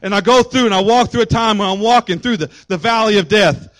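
A man's voice: high voice, brisk, a bit bright. A middle-aged man preaching a sermon with call and response, building to impassioned exhortation. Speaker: pastor.

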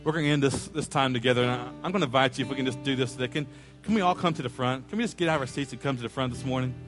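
A man preaching a sermon, telling a story with lively acted-out quotes and asides to the congregation. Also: mid-range voice, racing, faint music behind. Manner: animated storyteller, acts out quoted voices, jokes with congregation. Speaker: pastor. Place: church sanctuary.

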